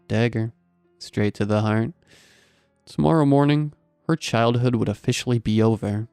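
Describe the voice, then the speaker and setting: A man's voice: on the low side, moderate pace, creaky, a little mellow, clear, resonant tone, dry recording, faint music behind. A man narrating a scary story in a dry, wry storytelling manner. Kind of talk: scripted horror story narration.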